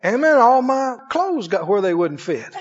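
A man's voice: extremely high pitch, very animated, normal speed. A man preaching a sermon, chuckling often and asking the congregation questions. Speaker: pastor. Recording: dull, lo-fi sound in a reverberant hall.

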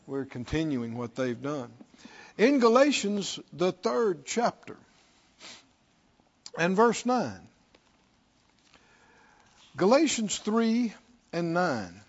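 A man's voice: high-pitched, big pitch swings, slow, pauses often, highs cut off. A man preaching a sermon, reading scripture and repeating questions to his listeners with rising fervor.

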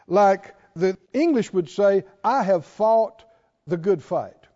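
A man's voice: high voice, lively intonation, mellow. Emphatic preacher man, echoing hall. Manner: emphatic, draws out scripture quotes slowly; folksy, asks the audience questions. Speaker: pastor. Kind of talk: sermon. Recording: dull lo-fi recording in a reverberant hall.

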